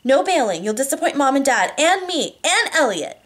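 A woman voicing a bubbly, pushy young woman who is the narrator's little sister, talking loud and excited. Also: high-pitched, normal speed, pitched above the performer's own voice.

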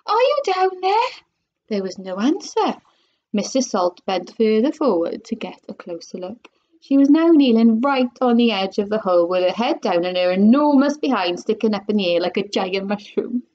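A woman, a primary school teacher, reading a children's book aloud with playful, expressive delivery and little asides to her listeners. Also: medium pitch, normal speed, dull audio. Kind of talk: children's storybook read-aloud.

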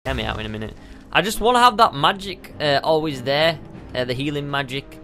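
A man giving excitable let's play commentary, yelping and tossing out goofy exclamations. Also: fairly high pitch, fairly quick, soft background music. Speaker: gamer.

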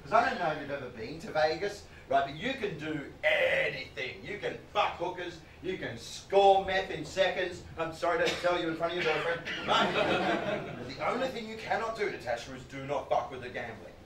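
Brief: man doing stand-up storytelling, fairly high voice, noisy distant room recording. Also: moderate pace, hardly any pauses, echoey room. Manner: animated, punchy delivery with sudden loud outbursts. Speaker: comedian.

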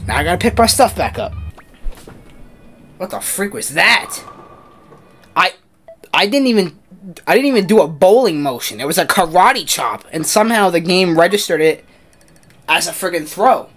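A young man gives excitable gaming commentary from his desk at home, and his pitch swings up and down all the time. His voice is bright and sharp, and it bursts into yelps and shouts as he plays. Faint game music sits behind him. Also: moderate pace, pauses often. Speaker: gaming video creator. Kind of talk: excitable let's-play commentary. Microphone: desk mic, camera off.

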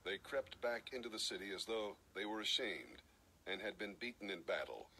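A man reading scripture aloud in a steady, measured way. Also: on the low side, gravelly, a little hiss or hum, rough recording. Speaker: scripture reader.

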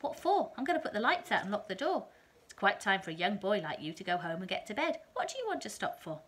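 Woman playing a gentle teacher man, soft, patient, higher lines, storybook. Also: fast talker. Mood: urging. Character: kind soft-spoken Victorian teacher man.

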